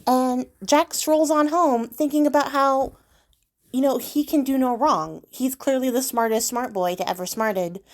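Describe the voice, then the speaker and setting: A young woman hosting her own channel, retelling a fairy tale in a chatty, sarcastic, filler-heavy way. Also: fairly high pitch. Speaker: channel host, storyteller. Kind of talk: casual storytelling.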